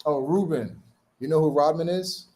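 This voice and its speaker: A man's voice: fairly high pitch, normal speed, darkish tone, slight background noise. A man bantering casually and teasing his friend on a livestream. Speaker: friend on the stream.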